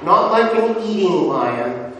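A man preaching a sermon as a pastor, emphatic and measured, with rhetorical questions to the congregation. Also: sits high, big pitch swings, sharp tone, a little hiss or hum. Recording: echoey hall, distant mic.

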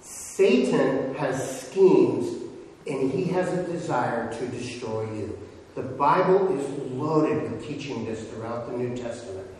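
A man preaching a sermon as a pastor, emphatic and measured, with rhetorical questions to the congregation. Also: mid-range voice, a little mellow, slight background noise. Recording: echoey hall, distant mic.

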